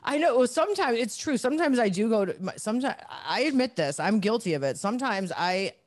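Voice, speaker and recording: A woman's voice: fairly high pitch, lively intonation, fairly quick, no room sound. A woman hosting a podcast in casual chat, candid and joking, laughing often. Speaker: podcast host.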